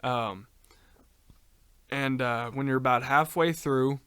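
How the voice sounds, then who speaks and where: A man's voice: mid-range voice, takes it slowly, sharp tone, smooth, no echo. A man co-hosting a casual podcast, telling a long story with lots of ums and uhs and casual swearing. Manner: rambling, many ums and uhs, swears freely. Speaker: podcast co-host.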